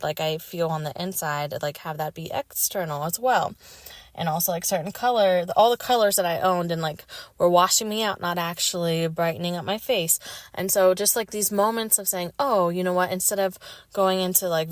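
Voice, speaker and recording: A woman's voice: on the low side, no room sound. A woman hosting a solo podcast, talking reflectively in a rambling way with many fillers. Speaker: podcast host.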